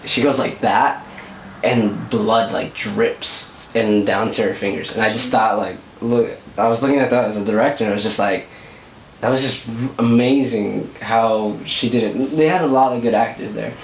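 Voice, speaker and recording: A man's voice: on the low side, normal speed, a little hiss or hum. A young man from Southern California hosting a vlog, telling stories in a rambling, casual way full of fillers. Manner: rambling, filler-heavy storytelling. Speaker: vlog host. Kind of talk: casual chat. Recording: echoey room, mic at a distance.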